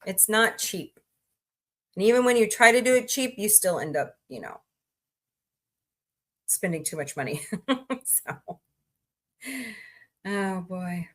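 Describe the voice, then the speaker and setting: A woman's voice: mid-range voice, slow, long pauses, a bit bright. A woman hosting a casual livestream, chatting, greeting viewers by name and rambling through asides. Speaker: livestream host.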